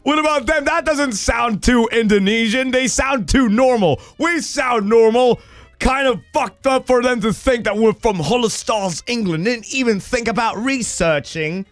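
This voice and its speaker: A man in his thirties chatting casually on a live stream, excitable and foul-mouthed, breaking into shouted rants and laughter. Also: very high voice, a little slow, dry recording, faint music behind. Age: 30s.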